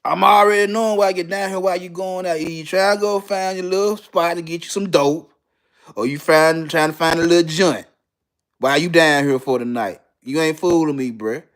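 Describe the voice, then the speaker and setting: A man's voice: fairly high pitch, moderate pace. A middle-aged man from Memphis with a Southern Memphis accent, ranting in casual, profane slang as a commentator. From Memphis, Tennessee. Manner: animated, heavy slang and cursing.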